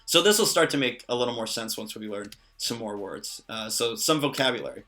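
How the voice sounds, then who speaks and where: A man's voice: mid-range voice, big pitch swings, brisk, sharp tone, faint music behind. A man teaching vocabulary in a casual spoken lesson, patient and careful, explaining step by step and adding small jokes. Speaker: language teacher.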